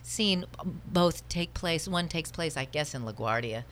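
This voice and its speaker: A woman's voice: low-pitched, expressive, measured pace, fairly bright tone, a little hiss or hum. An actress in a casual studio interview, chatty and restarting her sentences. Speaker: stage actress.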